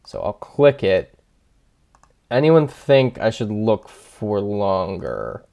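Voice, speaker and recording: A man streams a game and thinks aloud, reading out his viewers' comments and joking about himself. His voice sits low and he talks slowly. Keyboard clicks and typing can be heard behind him. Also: wildly swooping pitch, vocal fry, mellow. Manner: thinking aloud, chatty and self-deprecating, reading chat. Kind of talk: casual livestream commentary.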